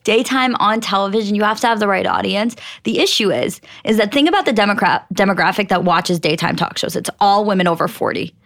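A woman's voice: medium pitch, fast talker, hardly any pauses, a bit bright. A young adult woman co-hosting a podcast, chatting casually and giving opinions at length. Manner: opinionated, explaining. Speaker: podcast co-host. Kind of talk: casual recap chat.

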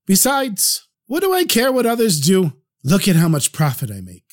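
Guy doing a happy-go-lucky simple shoemaker, way up high in pitch, slow and gushing over everything. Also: wildly swooping pitch. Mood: delighted. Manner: delighted, doting, drawn-out exclamations. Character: joyful simple-minded male shoemaker, proud and content.

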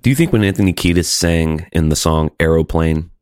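A man in casual comedic chat, wry and animated, reading facts aloud with sarcasm. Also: sits low, brisk, smooth, no echo, studio quality.

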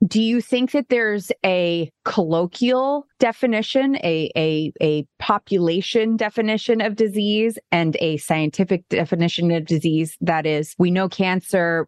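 A woman hosts a conversational podcast, restating points and asking thoughtful questions. Her voice sits low for a woman. The sound is close and dry. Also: fairly even intonation, measured pace, few pauses, darkish tone, no echo. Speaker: podcast host. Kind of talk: conversational interview.

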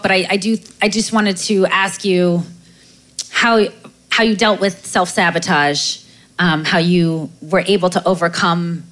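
A woman's voice: mid-range voice, a bit bright. Hesitant woman interviewer. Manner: hesitant, with many repeated words and ums. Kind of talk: interview questions.

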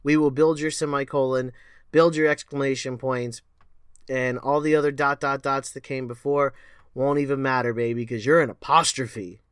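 A man hosting his own podcast as a performance coach, talking in a playful, animated way and throwing in sound-effect words. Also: medium pitch, moderate pace, smooth, no room sound, clean studio sound. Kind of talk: casual solo podcast monologue.

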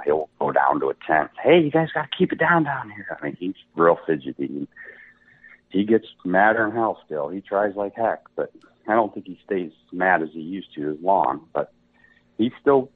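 Deep husky man on a phone-like line. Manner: relaxed, anecdotal, laughs while telling stories. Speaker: podcast guest, touring golf pro. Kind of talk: casual storytelling.

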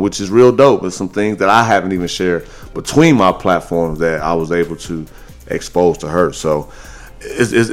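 A man hosting a podcast, telling stories in a casual, animated way, with his voice jumping higher when he jokes. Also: smooth. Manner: animated storytelling, jumps high when joking. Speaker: podcast host.

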